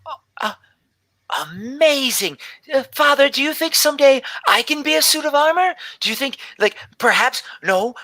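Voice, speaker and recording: A man's voice: sits high, expressive, normal speed, bright, forceful tone, no room sound, pitched above the performer's own voice, full character voice. A man putting on stammering little girl Gelby. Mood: excited. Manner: stammering, breathless, repeats words. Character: curious dreamy little human girl, about seven.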